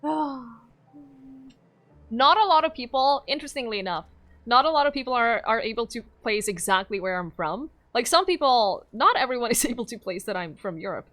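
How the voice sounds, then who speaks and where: A woman's voice: fairly high pitch, lively intonation, brisk, a bit bright. A woman from Norway, streaming a game and chatting casually, giggling and cooing at her dog.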